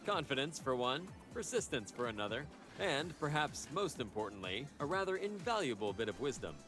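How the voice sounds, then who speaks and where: A man voicing a confident young Teddy Roosevelt in a video game, speaking in brisk, lofty, old-fashioned phrasing. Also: mid-range voice, very animated, a bit bright, faint music behind. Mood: earnest. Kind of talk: video game character voice acting.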